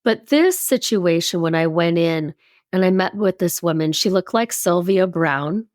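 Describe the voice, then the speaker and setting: Animated woman in her fifties telling a story. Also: lowish voice, measured pace, no echo, studio quality. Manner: animated storyteller who acts out quoted speech. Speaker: podcast guest. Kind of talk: personal storytelling in a conversation.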